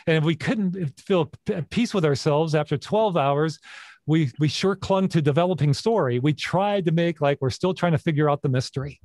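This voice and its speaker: A man's voice: fairly high pitch, a little mellow, dry recording, studio quality. A middle-aged man hosting an interview in a casual, reflective way, laughing often. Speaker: podcast host.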